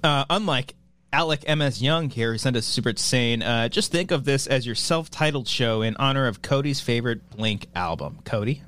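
A man's voice: mid-range voice, moderate pace, a bit bright. A man co-hosting a casual podcast livestream, reading out the chat and joking with his co-hosts, often trailing off mid-sentence.

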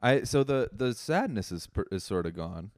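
Lively low-voiced man, casual and laughing. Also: normal speed, no echo. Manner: laughs often, lively and self-mocking. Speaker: podcast co-host, stand-up comic. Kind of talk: casual comedy chat. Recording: dry close-miked.

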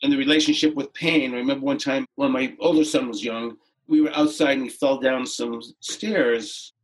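A middle-aged man, a podcast guest, telling a personal story in a gentle, unhurried, reflective way with pauses and restarts. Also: medium pitch, steady tone, rough recording.

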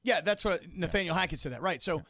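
A man's voice: high-pitched, lively intonation, fast talker, a bit bright, dry recording, studio quality. A man co-hosting a sports talk show, talking casually and animatedly, acting out quotes with frequent restarts. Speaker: sports radio co-host.

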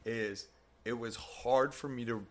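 List: young man, mid-pitched voice, emphatic, repetitive affirmations, casual podcast chat. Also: unhurried. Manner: emphatic, repeats points and tags lines with "right?".

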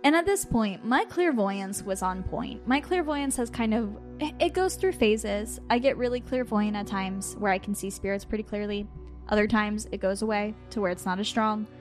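A young woman hosting a podcast, telling a story in an animated, quick, self-mocking way. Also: mid-range voice, soft background music. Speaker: podcast co-host. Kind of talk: casual storytelling.

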